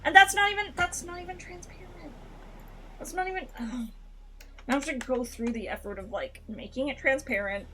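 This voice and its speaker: A woman streamer casually chatting through a game, animated, swearing often and laughing between lines. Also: sits high, moderate pace, slight background noise.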